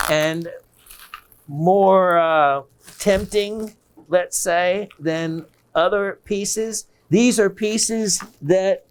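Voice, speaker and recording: Slow-talking enthusiastic male shopping host. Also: high voice, clean tone. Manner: excited, repeats phrases for emphasis. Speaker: gemstone shopping show host. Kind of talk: enthusiastic sales presentation.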